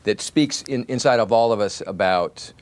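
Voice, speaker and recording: Male interviewee, lowish voice, thoughtful and reflective. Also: normal speed. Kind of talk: documentary interview.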